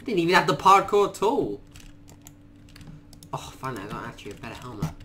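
A man doing let's play commentary, muttering quietly to himself and then bursting into panicked shrieks and swearing. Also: a little high, big pitch swings, brisk. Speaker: gaming YouTuber.

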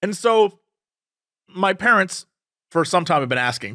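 Speaking a little slowly, this podcast co-host is a young man whose voice sits high, captured in clean studio sound without room noise. He shares a funny family anecdote conversationally and brings his relatives to life by acting out their voices.

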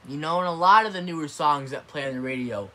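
A man's voice: on the high side, fast, sharp tone. A man venting in a blunt, dismissive rant, swearing and getting worked up, recorded on a tablet at home. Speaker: vlogger. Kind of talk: ranting video commentary. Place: apartment room. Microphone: tablet microphone.

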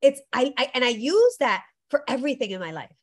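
Chatting casually in a high voice at a slightly quick pace, a spiritual guide who leads retreats tells stories with lots of animation, performing the quotes and voices of the people in them.

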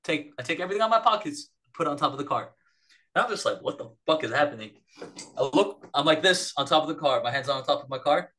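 A man's voice: on the high side, fast talker, pushed and bright, low-quality recording. A man from Palestine, a podcast guest, retelling a story in a casual, rambling, profane way.

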